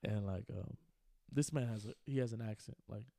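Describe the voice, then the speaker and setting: A man's voice: lowish voice, moderate pace, vocal fry, dark tone, dry recording, studio quality. A man in his twenties co-hosting a podcast, telling a long story in a laid-back way, full of slang and fillers. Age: 20s. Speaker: podcast co-host. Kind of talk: casual chat.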